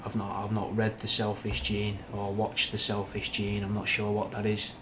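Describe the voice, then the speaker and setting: Answering chat on a casual livestream, a down-to-earth young man from Manchester rambles along, frank and swearing now and then, with British slang. He speaks at normal speed in a completely flat, fairly low voice, with a Mancunian accent and a slight Scouse twang. Faint ambient noise hums underneath.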